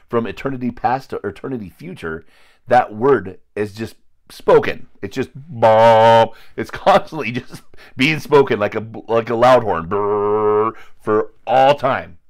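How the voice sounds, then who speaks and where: Blunt low-voiced man preaching. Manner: blunt, confrontational, crude at times, rambling with restarts. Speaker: lay preacher. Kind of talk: informal preaching to a small group.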